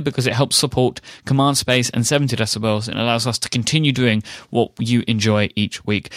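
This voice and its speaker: A man from England with a London accent, hosting a podcast and reading the sponsor spot in a brisk, upbeat way. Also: mid-range voice, fairly bright tone, no room sound, studio quality. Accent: London English. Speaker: podcast host. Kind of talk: casual podcast chat and ad read.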